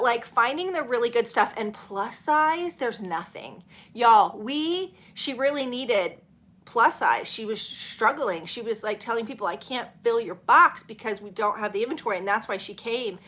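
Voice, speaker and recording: A woman's voice: on the high side, a bit bright. A middle-aged woman, hosting a casual live stream, chatting and laughing as she reads viewer comments. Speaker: channel host.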